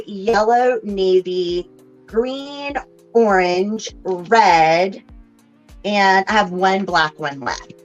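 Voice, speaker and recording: A woman with a Texan accent hosting a casual livestream reading, chatty and greeting viewers by name. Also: mid-range voice. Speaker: host and card reader. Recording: dull lo-fi livestream audio with faint music.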